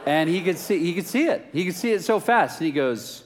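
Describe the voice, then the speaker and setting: Animated man preaching a personal story. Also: fairly high pitch, a little fast, hardly any pauses, noisy background. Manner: animated, self-mocking, acts out dialogue with rising laughter. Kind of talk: sermon storytelling.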